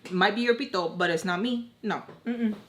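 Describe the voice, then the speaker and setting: A young woman speaking in a mid-pitched voice as she chats through a personal story for her vlog. She talks in an animated way, fills her sentences with "like," and performs the lines of the people in her story. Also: a little fast. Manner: chatty, animated, heavy filler "like", acts out quoted voices. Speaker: storytime vlogger. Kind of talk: casual storytime chat.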